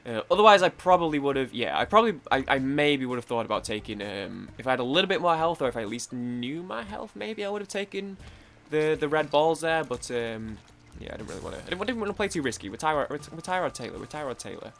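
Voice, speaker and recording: A man's voice: a little high, animated, fast, vocal fry, a bit bright, a little hiss or hum. Rambling young British man gaming. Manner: rambling and chatty, full of fillers and swearing. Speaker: gaming YouTuber. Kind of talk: casual let's-play commentary.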